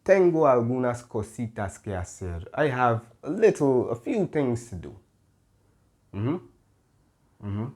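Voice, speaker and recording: A man's voice: mid-range voice, big pitch swings, a little mellow. A man teaching a Spanish lesson, patiently explaining rules, checking in with "okay?" and correcting himself as he goes. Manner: pauses and corrects himself mid-sentence. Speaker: Spanish tutor.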